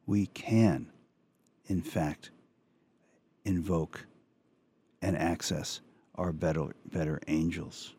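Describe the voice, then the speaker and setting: A male radio talk show host, reading an opinion piece aloud with earnest, measured commentary and some halting restarts. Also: darkish tone. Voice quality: low gravelly voice. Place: radio studio.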